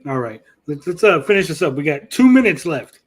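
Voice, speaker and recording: A man's voice: on the high side, sing-song, brisk. Crude storytelling man in his thirties. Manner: swearing, storytelling, acts out quotes. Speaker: podcast host. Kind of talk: casual crude banter.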